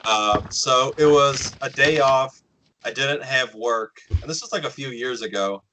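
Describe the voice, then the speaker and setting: A man's voice: medium pitch, unhurried, background noise. A man hosting a podcast, telling a story in casual chat, acting out the lines of others and swearing freely. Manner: animated storyteller, acts out quotes, swears often. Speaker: podcast host.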